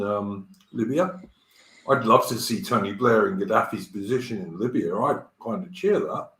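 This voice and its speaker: A man's voice: medium pitch, pushed and bright, reverberant, poor audio. A man hosting a live stream in casual chat, talking bluntly and crudely and swearing freely. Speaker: stream host. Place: home in Australia.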